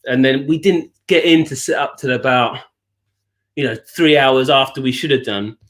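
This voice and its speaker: A man from England co-hosting a live music chat show, telling an anecdote in an animated way and often laughing. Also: mid-range voice, normal speed. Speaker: show co-host. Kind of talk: casual storytelling chat.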